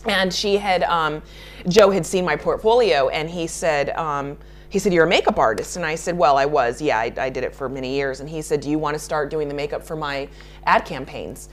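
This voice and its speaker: A woman's voice: sits low, a little fast. A woman makeup artist answering interview questions in a chatty way, laughing often and restarting her sentences.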